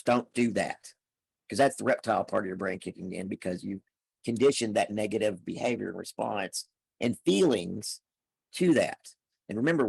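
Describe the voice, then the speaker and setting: Low gravelly guy explaining stuff on a podcast, kinda husky, dry close sound. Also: no echo. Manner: explains step by step, often repeats words at the start of a phrase. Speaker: podcast guest. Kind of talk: conversational explaining.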